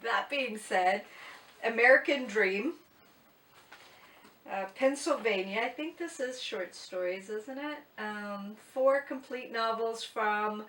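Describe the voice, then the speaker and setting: A booktuber with a mid-range, fairly bright voice talks casually in her book vlog, chatty and blunt and quick to poke fun at herself. The mic is distant, and the room is echoey.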